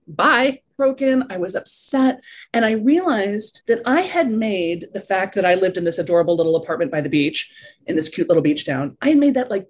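A woman guest in a conversational interview, talking with animated swings and acting out the voices in her head. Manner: animated, acts out inner voices with big pitch swings.

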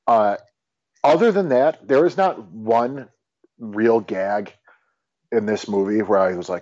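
A man's voice: slow, long pauses, no room sound. A man co-hosting a casual movie review podcast, blunt and exasperated, cursing freely. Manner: blunt, animated, swearing exasperation. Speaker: podcast co-host. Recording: dull dry low-fi mic.

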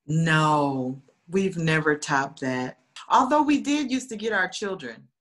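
A woman's voice: sits low, takes it slowly. A woman telling funny stories in a casual chat, acting out quoted voices. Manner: lively, animated, acts out quoted voices. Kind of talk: casual storytelling.

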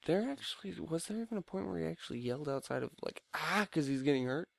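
A man's voice: a little high, lively intonation, fast, vocal fry, darkish tone, no echo. A young man co-hosting a casual movie review podcast, blunt and joking with constant swearing. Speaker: podcast co-host.

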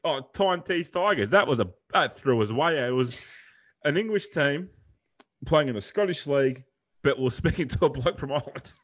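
A man's voice: on the high side, lively intonation, moderate pace, a bit bright. A young Australian man co-hosting a podcast in casual chat, rambling and blokey, swearing freely. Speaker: podcast co-host.

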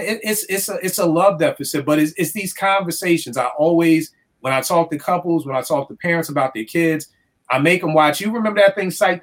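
A man from the DC area, a youth counselor telling stories in a casual podcast chat, acting out what people said and swearing freely. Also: a little high. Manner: animated storyteller acting out quotes, swears freely. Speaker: youth counselor and music producer.

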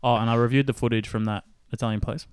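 A man's voice: medium pitch, fast talker, clean tone, no room sound, clean studio sound. A young Australian man co-hosting a casual sports podcast, easygoing, swearing casually and rambling. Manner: easygoing, relaxed swearing, fillers. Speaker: podcast co-host. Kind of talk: casual chat.

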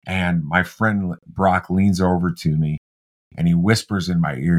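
A middle-aged man with a deep, low-pitched voice speaks in a casual podcast chat. He tells stories with animated energy, often restarting his phrases mid-thought. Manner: storytelling, animated, halting restarts. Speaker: podcast co-host.

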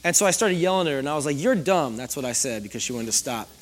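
A young pastor with a mid-range, lively and slightly bright voice races through a sermon to a congregation in a church hall. He's conversational and full of stories, often putting questions to the room.

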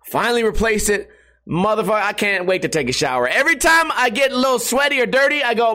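A man's voice: high-pitched, animated, a little fast, sharp tone. A young man streaming from home, telling crude, rambling stories in casual chat and laughing at his own jokes. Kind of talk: casual profane monologue.

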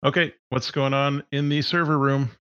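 Relaxed man running a tabletop game. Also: medium pitch, moderate pace, clean tone, no room sound, dull audio. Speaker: game master.

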